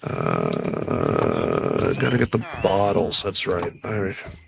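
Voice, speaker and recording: A young man with a deep, nasal voice and vocal fry drifts through casual gameplay commentary at a slow pace, his pitch swinging wildly. He sounds tired as he mumbles and rambles, putting himself down along the way. He's a streamer.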